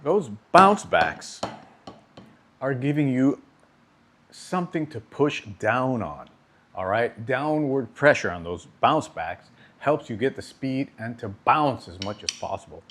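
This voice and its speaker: Teaching drums, a man explains things slowly and patiently, pausing often to ask his students "okay?" His medium-pitched voice has lively intonation and a fairly bright tone, with slight hiss or hum in the background.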